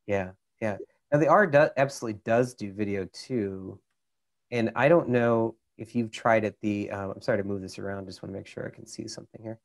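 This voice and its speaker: A man's voice: fairly low pitch, a little fast, gravelly. A man with a Minnesota accent, a camera expert casually explaining settings step by step over a video call, with lots of fillers.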